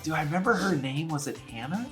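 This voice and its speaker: A middle-aged man co-hosting a casual chat, telling animated stories and acting out what people said. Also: a little high, quick pace, soft background music. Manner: animated storyteller, acts out quoted dialogue. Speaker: co-host.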